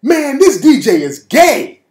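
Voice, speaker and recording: A man's voice: very high voice, very animated, takes it slowly, darkish tone, voice pushed up, heavily acted. A man voicing an annoyed young American man at a club, griping and dismissive. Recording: roomy echo.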